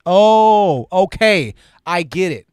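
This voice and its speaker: A man hosting a live stream, reading viewer super chats aloud and commenting in an animated, exclaiming way while he thinks aloud. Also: sits high, slow, smooth, dry recording.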